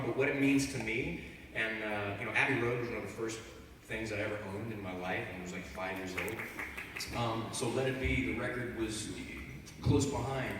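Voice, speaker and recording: A man's voice: medium pitch, brisk. A man on a convention panel telling rambling, profane stories to fans, heard from a distant mic in a large, noisy hall. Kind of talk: animated anecdote at a fan panel.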